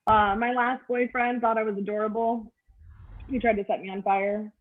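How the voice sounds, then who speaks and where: This middle-aged woman's comedy set comes through a video call with thin, phone-like audio. She speaks at a moderate pace in a flat, rather high voice, and her delivery is crude and offhand.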